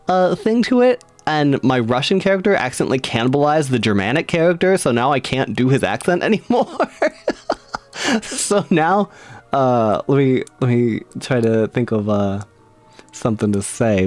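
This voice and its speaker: A man streaming live, chatting casually and reading tarot cards, giggly and rambling with frequent laughs. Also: medium pitch.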